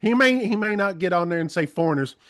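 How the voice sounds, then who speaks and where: Animated, rambling male guest. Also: high voice, fast talker. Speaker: interview guest, trucking commentator. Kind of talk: conversational interview.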